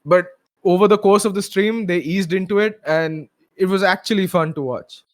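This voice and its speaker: Indian dude co-hosting a gaming podcast, lots of uh and like, a bit high pitched. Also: male voice, moderate pace, no room sound, clean studio sound. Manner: rambling with many fillers, blunt. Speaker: podcast co-host. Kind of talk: casual chat.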